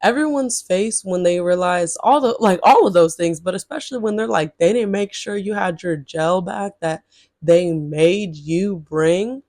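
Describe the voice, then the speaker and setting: A woman vlogger telling a story straight to her viewers, chatty and blunt, swearing freely and jumping into high exasperated outbursts. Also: measured pace, a little mellow, no echo, clean studio sound. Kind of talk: casual storytelling to camera.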